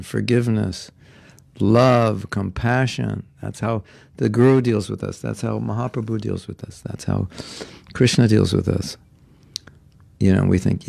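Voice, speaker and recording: A man with a heavily gravelly, fry-laden voice gives a devotional class in an earnest, conversational manner. He sounds somewhat congested and keeps acting out quoted voices. The recording is close and dry. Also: medium pitch, darkish tone, no echo. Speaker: spiritual teacher. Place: Alachua, Florida.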